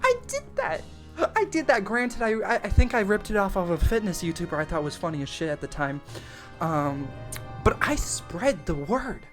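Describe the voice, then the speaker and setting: A young adult man telling a camp story in a casual, profane, animated way, full of slang and "like". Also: high-pitched, moderate pace, soft background music. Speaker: storytime YouTuber.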